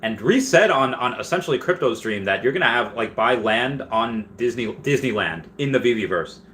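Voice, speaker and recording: Reading viewers' chat questions out loud, a man rambles through answers on his casual live stream and keeps restarting. He sounds animated, with a medium, fairly bright voice at a moderate pace. There's slight background noise.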